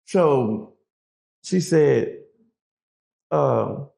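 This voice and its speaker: Gravelly man telling a prison story. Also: medium pitch, unhurried. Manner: animated, acts out quotes, swears freely. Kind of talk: casual storytelling.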